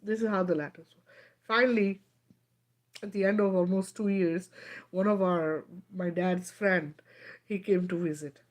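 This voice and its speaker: A woman's voice: fairly low pitch, steady tone, moderate pace, pauses often. A middle-aged woman hosting a live stream, telling a personal story emphatically and often checking in with her listeners. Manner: emphatic, keeps checking in with "right?" and "okay?".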